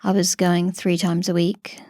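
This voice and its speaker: A woman hosts a podcast in a fairly low-pitched voice, thinking aloud in short, considered phrases. Her tone is casual. The recording is dry and close to the mic. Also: level tone, a little slow, warm tone, no echo. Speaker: podcast host. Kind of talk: casual conversational chat.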